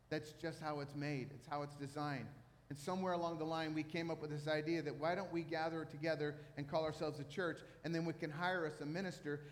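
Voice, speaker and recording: A male pastor delivers a sermon from a church stage, his voice sitting a little high. He tells stories with lively, self-deprecating humor. The sound rings with the long reverb of a large hall. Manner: storytelling, animated, self-mocking humor.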